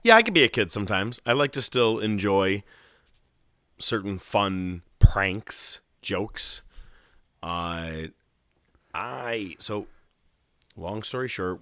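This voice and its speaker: A man co-hosting a casual wrestling podcast, animated and laughing often as he acts out quotes. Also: sits low, takes it slowly, smooth, dry recording, clean studio sound. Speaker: podcast co-host.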